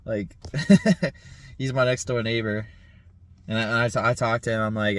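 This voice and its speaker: A man in his thirties rambling in a casual vlog monologue, laughing often, swearing and filling pauses with "like" and "um". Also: fairly low pitch, level tone, a bit bright, no room sound. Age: 30s. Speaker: vlogger.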